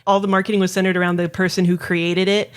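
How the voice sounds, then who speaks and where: A woman's voice: fairly low pitch, little pitch movement, fast, clean tone. A woman in her thirties co-hosting a podcast, chatting casually in a wry, drawling way and swearing freely. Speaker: podcast co-host. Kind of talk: casual chat.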